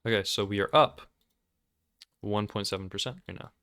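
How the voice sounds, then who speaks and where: Guy talking over his trading charts, hyped and sarcastic, smooth lowish voice, dry close mic. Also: normal speed, no echo. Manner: excitable, sarcastic and self-mocking. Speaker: trading video host. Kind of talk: casual screen-recorded commentary.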